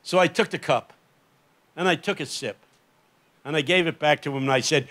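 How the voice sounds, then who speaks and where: High, bright-voiced older male preacher. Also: moderate pace, long pauses. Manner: impassioned storytelling, rising to emphatic peaks. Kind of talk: sermon. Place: festival main stage.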